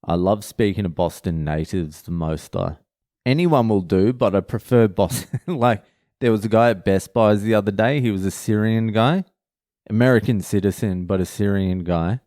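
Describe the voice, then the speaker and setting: A man's voice: on the low side, normal speed, warm tone, dry recording, studio quality. An Australian man, a comedian, telling rambling, profane stories in a solo chat. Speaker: comedian and podcast host.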